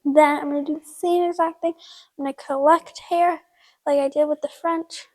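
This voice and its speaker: A woman's voice: high voice, steady tone, normal speed, darkish tone, poor audio. A woman hosting a horse-care video at a barn, explaining a braid in a chatty, casual way with lots of fillers while she works. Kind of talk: casual how-to demonstration.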